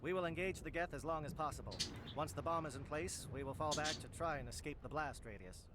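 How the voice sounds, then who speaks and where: A man's voice: on the high side, heavy background noise, lightly acted. A man playing a grave alien captain. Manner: measured, solemn briefing tone. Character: grave alien military captain, stern and formal.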